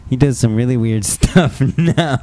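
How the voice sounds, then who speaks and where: A man's voice: mid-range voice, takes it slowly, background noise. A man hosting a podcast in casual chat, playful and laughing often. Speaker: podcast host.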